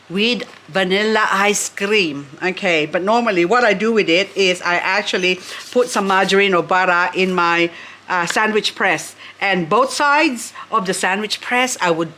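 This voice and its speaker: A woman's voice: mid-range voice, fairly bright tone. A woman vlogging at home, chatty and gushing as she unboxes succulents and talks to her plants. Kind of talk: casual unboxing chat.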